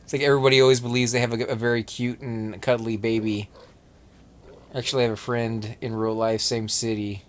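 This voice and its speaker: Relaxed Texan man streaming a game. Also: medium pitch, fairly quick, a little hiss or hum. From Texas. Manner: relaxed, rambling with restarts. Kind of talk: casual gaming chat.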